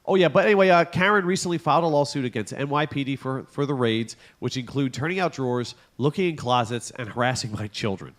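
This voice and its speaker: A young adult man co-hosts a casual comedy podcast, talking fast in a medium-pitched voice with hardly any pauses. Reading weird news, he tells stories animatedly, acts out characters' lines, and swears freely.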